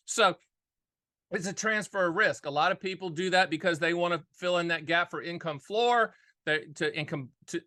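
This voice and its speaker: A man hosting a casual monologue on annuities, energetic and jokey, repeating key phrases for emphasis. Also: a little high. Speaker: annuity agent and show host.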